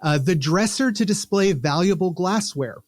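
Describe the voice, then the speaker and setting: A man's voice: high-pitched, expressive, normal speed, dry recording, clean studio sound. A man co-hosting a casual podcast, playfully reading out trivia questions. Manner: playful, reads quiz questions aloud. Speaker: podcast co-host running a trivia quiz. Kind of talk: casual chat, quiz hosting.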